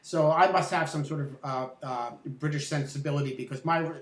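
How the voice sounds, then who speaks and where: A middle-aged host talks loosely and thinks aloud, stumbling into restarts and filler words. The voice sits at a middle pitch. It sounds set back from the microphone, with a roomy echo. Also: steady tone, normal speed. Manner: rambling, with restarts and "uh". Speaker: interview host. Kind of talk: conversational interview. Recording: echoey, distant from the mic.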